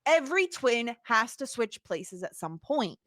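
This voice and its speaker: A woman's voice: on the high side, very animated, a little slow, fairly bright tone, dry recording, studio quality. A woman co-hosting a podcast, chatting about a film in a chatty, giggly way with sarcastic asides. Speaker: podcast co-host. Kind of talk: casual film discussion.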